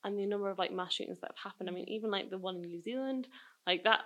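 A woman's voice: medium pitch, very fast, a bit bright, muffled recording. Woman, casual group chat, chatty, lots of fillers. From UK countryside. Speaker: film discussion participant.

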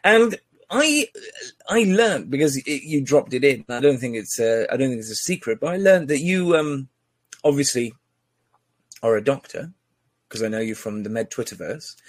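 A man's voice: medium pitch, lively intonation, moderate pace, dry recording. A man hosting a podcast in casual chat, rambling with many fillers and joking. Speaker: podcast host.

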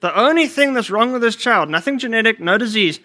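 A man delivers a sermon in a high, bright voice, mixing personal stories with scripture. He restarts phrases often and fills pauses with "uh." The recording is dry and close. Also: lively intonation, no room sound. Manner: storytelling, quoting scripture, many restarts. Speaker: preacher.

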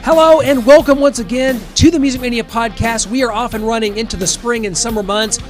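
A man's voice: very high voice, steady tone, a little fast, soft background music. A man from the American Midwest hosting a rock podcast in a chatty, upbeat, rambling way. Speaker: podcast host. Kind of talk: casual chat.

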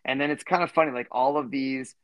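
A man's voice: medium pitch, steady tone, quick pace, fairly bright tone, no echo. Podcast co-host, man, 30s, mid-range voice; loose rambling delivery full of fillers, dry recording. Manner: rambling, many fillers and restarts. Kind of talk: casual storytelling chat.

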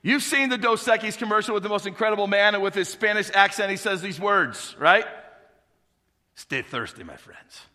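High-voiced preacher in a reverberant hall. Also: male voice, steady tone, fast talker, few pauses, bright, forceful tone. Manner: preaching with rising fervor and call-and-response questions. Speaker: pastor. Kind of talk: sermon. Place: large church auditorium.

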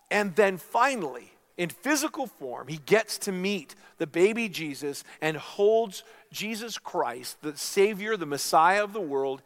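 A man's voice: fairly high pitch, fairly bright tone. A middle-aged man preaching a sermon as a pastor, telling stories earnestly and calling his listeners friends.

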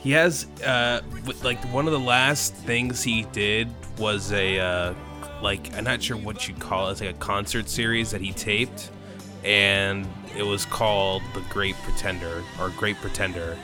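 A man's voice: lowish voice, steady tone, a little slow, over music. A man chatting casually, rambling with frequent restarts and fillers. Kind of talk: casual chat.

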